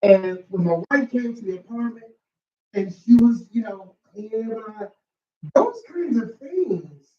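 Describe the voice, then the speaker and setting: A man in a couples workshop sharing a personal story in a reflective, halting way. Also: very high voice, lively intonation, mellow. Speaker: workshop participant. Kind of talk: personal storytelling in group discussion. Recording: distant, dull, roomy recording.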